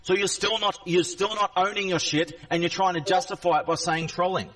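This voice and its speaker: A man lectures a viewer in an angry, repetitive rant, swearing and pressing the same point again and again. His voice sits high for a man. He is recorded from some distance away from the microphone. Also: fairly even intonation, brisk, a bit bright.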